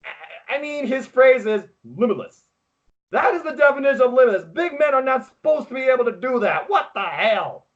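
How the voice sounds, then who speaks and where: A man co-hosting a podcast, recapping wrestling in casual chat with excitable, quick play-by-play. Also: extremely high pitch, dull audio. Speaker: podcast co-host.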